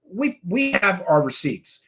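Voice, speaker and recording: A male host delivering an angry, mocking commentary rant, sarcastic and at times shouting. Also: sits high, sing-song, a little slow, breathy edge. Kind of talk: ranting commentary.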